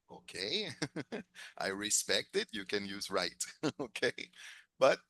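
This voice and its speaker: A man's voice: fairly low pitch, sing-song, unhurried, long pauses, sharp tone. A man teaching an English class, encouraging his students, drilling phrases and chuckling often.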